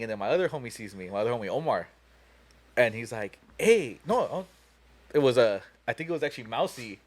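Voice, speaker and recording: A young man on a podcast telling a long, profane story in a rambling way, full of "you know" and "like.". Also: mid-range voice. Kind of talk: casual storytelling chat.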